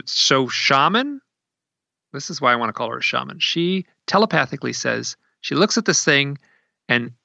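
Guy with a gravelly bright voice spinning a story at his desk, dull dry lo-fi sound. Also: mid-range voice, dry recording. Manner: animated, acts out quoted speech in a raised voice. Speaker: researcher telling a story. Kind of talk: conversational storytelling.

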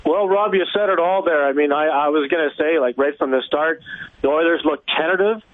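A man calling in to a sports radio show, rambling as an excited, frustrated fan. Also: fairly high pitch, brisk, dry recording. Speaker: caller. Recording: tinny phone line.

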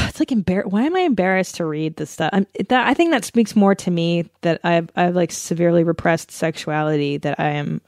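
A woman's voice: lowish voice, creaky, darkish tone, no room sound, studio quality. A woman from the Los Angeles area, hosting a casual solo podcast and reading aloud with giggly, self-conscious, mock-dramatic delivery. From Los Angeles area, USA. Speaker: podcast host.

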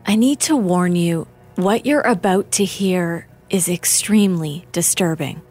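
A woman narrating a true-crime story in a measured, grave way. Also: lowish voice, a little mellow, soft background music. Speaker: documentary narrator and interviewer.

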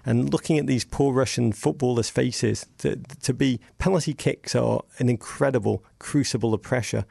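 A man with an English accent, a podcast guest, talking in a casual chat as an animated storyteller who often restarts his sentences. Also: medium pitch, moderate pace, vocal fry, no room sound, clean studio sound.

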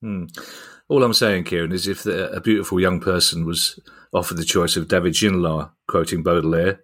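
A man with a lowish voice hosts a podcast, full of dry, self-mocking asides. He moves between jokes and the next story with an easy, chatty delivery. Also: steady tone, brisk, fairly bright tone. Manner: wry, jokey. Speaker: podcast host. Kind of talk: podcast banter.

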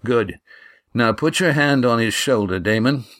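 A man's voice: medium pitch, animated, unhurried, a bit bright, no room sound, studio quality. A man voicing a stern male leader in an audiobook, curt and commanding.

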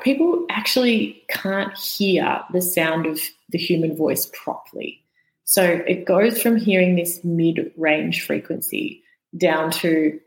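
A woman's voice: fairly low pitch, roomy sound, low-quality recording. A woman guest on a podcast, patiently explaining ideas and sometimes demonstrating how voices sound. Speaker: podcast guest, vagus nerve educator.

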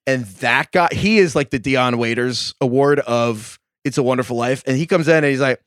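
A man co-hosting a football podcast in casual chat, excitable, laughing often and stumbling over his words. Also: medium pitch, fairly quick, few pauses, dry recording, studio quality. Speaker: fantasy football podcast co-host.

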